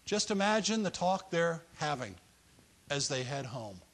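A man's voice: a little high, big pitch swings, unhurried, a bit bright. A man preaching a sermon in a playful, conversational way with joking asides.

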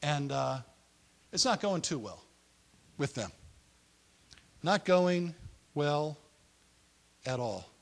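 A man's voice: on the high side, very animated, extremely slow, creaky, long pauses. A man preaching a sermon in a playful, conversational way with joking asides.

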